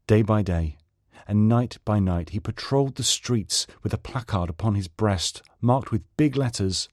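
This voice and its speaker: A man from Manchester, England, reading a story aloud in an expressive, dramatic style. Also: on the low side, normal speed, no echo, studio quality. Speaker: story reader. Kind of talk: audiobook narration.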